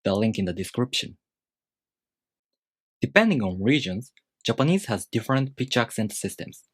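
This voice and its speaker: A man teaching a language lesson, explaining rules step by step in a measured, scripted way. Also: mid-range voice, big pitch swings, slightly rough, no echo, clean studio sound.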